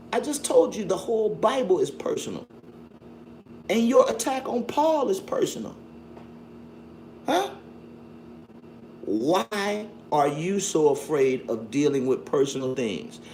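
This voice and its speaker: A man's voice: mid-range voice, a little hiss or hum. Profane man ranting on stream. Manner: loud, profane, mocking, with frequent laughs. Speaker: livestream host. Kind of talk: combative livestream commentary.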